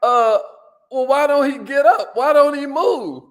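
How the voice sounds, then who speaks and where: A man's voice: extremely high pitch, unhurried, voice pushed up. A man voicing a puzzled male visitor who keeps asking questions in disbelief.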